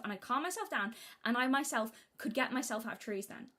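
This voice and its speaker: Young british woman streaming, talks super fast, rambly, keeps restarting sentences. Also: a bit bright. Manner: rambling, self-interrupting, acts out childhood quotes in a high voice. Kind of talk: casual live-stream chat.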